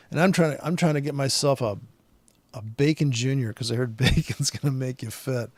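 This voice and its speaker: A man's voice: medium pitch, quick pace, a little mellow, no room sound. A man in a rambling, profane vlog rant, angry and restless, full of fillers. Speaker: vlogger.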